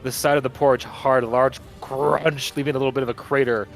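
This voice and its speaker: A man's voice: medium pitch, level tone, a little fast, vocal fry, soft background music. A man running a tabletop game as game master, narrating and laughing often.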